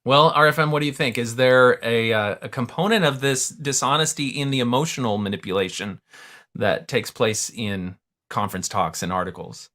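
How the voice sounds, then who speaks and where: A man hosting a live call-in show, brisk and upbeat as he takes callers. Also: medium pitch, bright, forceful tone. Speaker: host.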